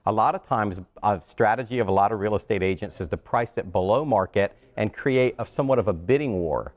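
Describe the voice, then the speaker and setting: A man who is a realtor, a guest on a TV talk show, explaining in a relaxed, loose way in a studio. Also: fairly low pitch, a little fast. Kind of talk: TV talk segment.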